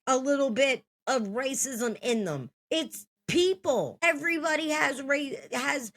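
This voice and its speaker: A woman's voice: sits high, a little slow, a bit bright. A woman in her thirties telling a story from her own life in a blunt, heated, profane way. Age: 30s.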